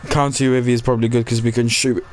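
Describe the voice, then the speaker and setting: British gamer lad, hyped and bossy on callouts, noisy headset mic. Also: male voice, mid-range voice, rapid-fire. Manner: excitable, coaching teammates. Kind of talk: casual gaming chat. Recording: noisy game chat mic.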